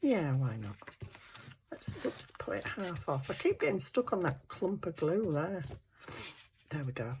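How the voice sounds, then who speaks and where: A woman's voice: low-pitched, big pitch swings, a little slow, long pauses, darkish tone, a little hiss or hum. A middle-aged woman, chatting to herself while crafting in a casual vlog, flustered and apologetic. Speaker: craft channel host.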